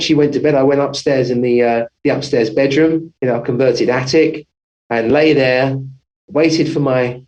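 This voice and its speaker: A man's voice: mid-range voice, a little mellow, lo-fi sound. A man, a family physician, telling his story as an interview guest, rambling with many restarts and self-corrections.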